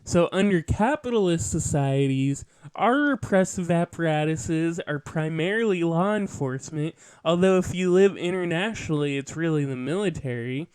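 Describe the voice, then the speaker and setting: A man with a high, smooth voice talks slowly through an earnest political monologue. He lectures with asides and quick self-corrections. His voice is recorded close and dry. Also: expressive, a little mellow, no echo. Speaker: podcast host.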